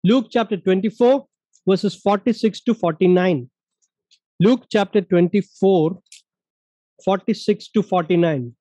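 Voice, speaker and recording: A man from India teaches a Bible study in a high, mellow voice, pressing each point home and repeating verses. The sound is dry and close. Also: measured pace, long pauses, no room sound, low-quality recording.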